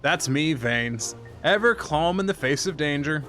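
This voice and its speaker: A man's voice: on the high side, expressive, measured pace, a bit bright, soft background music. A man voicing a pompous young nobleman, reading game dialogue aloud in a posh, prattish voice. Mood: boastful.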